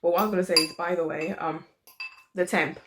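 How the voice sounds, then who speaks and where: Brief: low-voiced woman home vlogger, loose and chatty, faint hiss. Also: fairly even intonation, brisk. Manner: chatty, informal, lots of "literally" and "like". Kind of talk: casual how-to vlog chat. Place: home living room.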